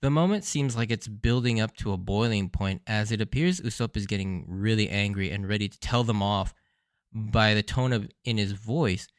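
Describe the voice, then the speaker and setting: A man's voice: on the low side, moderate pace, no echo, studio quality. A man hosting a podcast, recapping anime episodes in a casual, enthusiastic way and laughing often. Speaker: podcast host.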